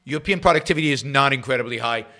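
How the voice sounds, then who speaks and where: A middle-aged man hosting a political talk livestream, sarcastic and rambling, jumping between loud emphasis and quiet muttered asides. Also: mid-range voice, rapid-fire. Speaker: host of a political talk show. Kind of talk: livestream commentary.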